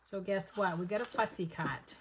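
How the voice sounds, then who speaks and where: A woman's voice: mid-range voice, moderate pace, a little hiss or hum. A woman giving a live papercraft demonstration, chatting to viewers step by step as she works. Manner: chatty, step-by-step, talks to viewers while working. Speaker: papercraft instructor.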